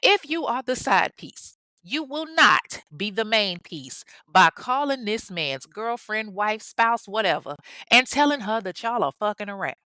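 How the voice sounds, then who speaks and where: A woman's voice: medium pitch, animated, unhurried, pushed and bright, dry recording. A woman casually telling a crime story in a sassy, profane way, talking straight to her listeners. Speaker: podcast host.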